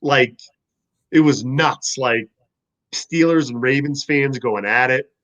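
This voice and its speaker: A man, a former football player, telling stories in a casual podcast chat, animated and profane. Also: medium pitch, takes it slowly, lo-fi sound.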